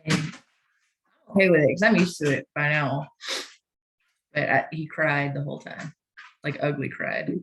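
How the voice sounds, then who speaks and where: A young woman, co-hosting a casual chat, talking fast with lots of "like" and laughing often. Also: deep voice, steady tone, a bit bright. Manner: chatty, says "like" a lot, laughs. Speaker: co-host. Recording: faint background noise.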